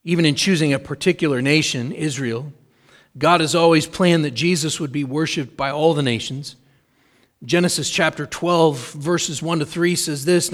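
Earnest, fairly high-voiced male preacher. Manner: earnest, measured preaching with emphatic repetition. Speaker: pastor. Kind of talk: sermon.

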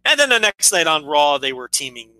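A man's voice: a little high, very animated, fairly quick, sharp tone, dry recording, low-quality recording. A man co-hosting a wrestling podcast, telling stories with wry exasperation in casual chat. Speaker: podcast co-host.

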